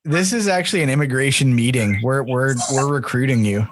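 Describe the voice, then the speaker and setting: Laughing podcast host over a noisy line. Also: male voice, medium pitch, brisk. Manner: laughs easily, friendly banter. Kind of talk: casual podcast chat.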